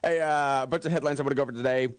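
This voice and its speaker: A man's voice: mid-range voice, steady tone, rapid-fire, dry recording. A man hosting a morning radio talk show in a joking, rambling way with plenty of fillers. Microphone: studio microphone.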